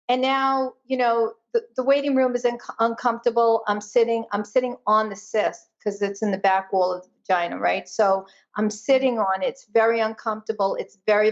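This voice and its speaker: A woman guest telling a personal story in an animated, emphatic way during a conversation. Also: mid-range voice, muffled recording. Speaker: guest, energy intuitive.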